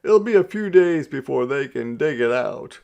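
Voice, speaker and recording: Man voicing a bold frontier rancher, raised and drawling, gravel in it. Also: medium pitch, animated, moderate pace, a little mellow, pitched above the performer's own voice. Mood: hearty. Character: hearty frontier man, mid-aged, bold talker.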